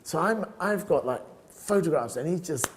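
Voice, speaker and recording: An older man, a photographer guest, telling stories in an animated, laughing way, peppering his talk with "right?". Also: on the high side, normal speed, background noise. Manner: lively, laughing, tag questions like "right?". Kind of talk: animated storytelling interview. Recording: long hall reverb.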